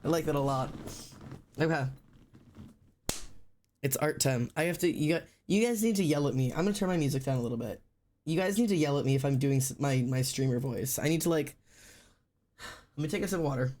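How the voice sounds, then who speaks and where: His throat sore, a man talks loosely while drawing on a livestream, keeping the energy purposely low as he rambles and swears freely. His voice is a little mellow.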